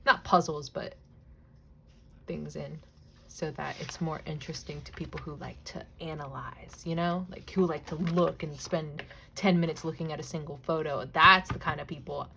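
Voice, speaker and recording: A young woman chatting casually while cutting images from a magazine, rambling, laughing often, swearing lightly and now and then dropping to a soft whisper. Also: sits low, vocal fry, a little hiss or hum. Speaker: crafting vlogger. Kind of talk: casual chatty crafting vlog.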